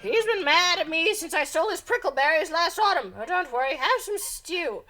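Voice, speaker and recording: A woman voicing a cackling, toothless old tree witch with a high, crackly voice. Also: lively intonation, normal speed, pushed and bright, soft background music, full character voice. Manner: sly, cackling.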